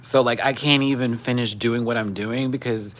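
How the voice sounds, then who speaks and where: A man's voice: mid-range voice, moderate pace. A man hosting a casual livestream, chatting and cooing in baby talk at his pets. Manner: sing-song, cooing, animated. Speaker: livestream host.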